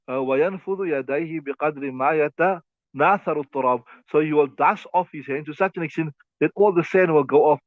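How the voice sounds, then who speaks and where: A man's voice: fairly high pitch, no room sound. A man teaching a lesson on a classical text, repeating himself and talking listeners through hand movements. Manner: repetitive, demonstrating with his hands. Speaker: teacher of Islamic law. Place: class also streamed online. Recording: tinny phone-like audio.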